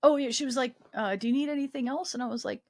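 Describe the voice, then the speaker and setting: A woman sits for a casual interview and spins a personal story, slipping in and out of the voices of the people in it. Her voice sits slightly high for a woman. The recording is close and dry. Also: quick pace, no room sound. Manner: animated storyteller acting out quoted dialogue, frequent swearing and laughs. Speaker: guest, army veteran.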